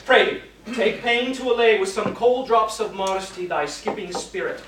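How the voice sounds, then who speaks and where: A man playing an earnest young gentleman in an amateur stage play, declaiming verse with shifting emphasis. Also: sits high, moderate pace, lightly acted. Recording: roomy hall, far camera, noise.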